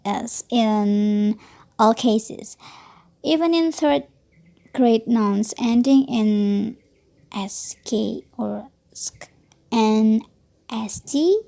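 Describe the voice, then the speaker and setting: A woman lecturer reads textbook material aloud at a slow, deliberate pace. Her fairly high voice has a gravelly, fry-edged texture and a mellow, dark tone. She occasionally stumbles over a word and corrects herself. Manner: slow, careful reading with occasional self-corrections.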